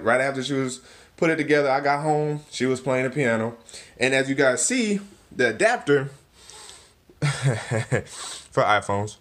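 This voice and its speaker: A man's voice: mid-range voice, fairly bright tone. A young man vlogging in a casual, laid-back way with slangy, self-deprecating asides, recorded in a cluttered room at home. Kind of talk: casual product walkthrough.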